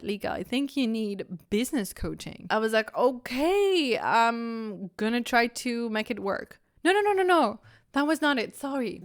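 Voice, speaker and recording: A woman's voice: medium pitch, clear, resonant tone. A young woman hosting her own podcast, talking frankly and animatedly about business, swearing casually and laughing often. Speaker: business coach and podcast host. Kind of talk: candid solo podcast talk.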